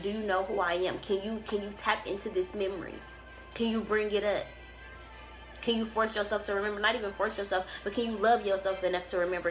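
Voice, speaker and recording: A woman of medium pitch giving a casual tarot reading straight to camera. She swears freely and preaches with emphasis, often losing her thread and starting over. Soft music plays faintly behind her. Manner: talks in rambling restarts. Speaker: tarot reader.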